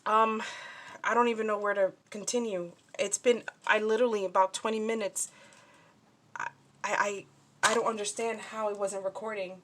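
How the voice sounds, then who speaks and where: A woman with a mid-range voice talks through a craft project in a loose, rambling way, full of fillers and false starts. Faint clicking sounds sit quietly behind her. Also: medium pitch, fairly even intonation, moderate pace, a little hiss or hum. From New Jersey, USA. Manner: chatty, scattered, many fillers and restarts. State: upset and shaken. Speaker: crafting vlogger. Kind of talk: casual crafting show-and-tell.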